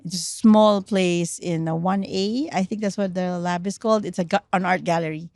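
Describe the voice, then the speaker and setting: Middle-aged woman, Filipino accent, podcast guest, animated and code-switching, dry close mic. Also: fairly low pitch, normal speed, no room sound. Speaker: podcast guest, trauma researcher. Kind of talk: casual podcast chat.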